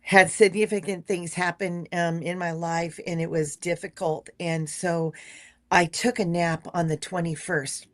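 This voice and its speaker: A woman on a live stream telling a dream in a halting way, with many fillers, her voice now loud, now soft. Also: fairly low pitch, little pitch movement. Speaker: guest sharing a dream. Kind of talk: casual storytelling on a live stream. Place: home in a rural wildland area.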